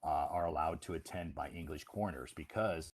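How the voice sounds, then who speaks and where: A man's voice: rumbling low, moderate pace. A man, an English teacher, telling a casual story on a livestream in a rambling way with many fillers and restarts.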